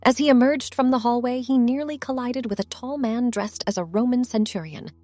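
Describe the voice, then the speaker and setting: A woman reading a story in calm, scripted narration. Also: a little high, a little fast, no echo.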